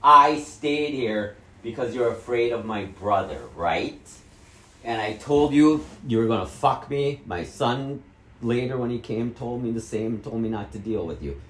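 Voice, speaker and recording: A middle-aged vlogger from Wisconsin swears heavily while angrily and repeatedly questioning his mother in a heated family clash. He talks at a moderate pace in a slightly mellow, medium-pitched voice. The recording has an echoey room sound.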